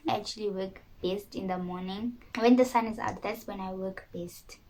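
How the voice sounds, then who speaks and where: A woman's voice: medium pitch, normal speed, a bit bright, low-quality recording. A young woman from South Africa talking casually to her viewers in a candid, self-mocking vlog. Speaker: YouTuber. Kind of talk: casual talk to camera.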